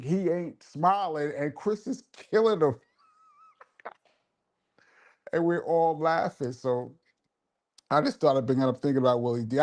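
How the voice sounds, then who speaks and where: A man's voice: on the high side, darkish tone. A man hosting a live show and telling a laid-back, laughing story in casual street slang. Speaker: host and DJ.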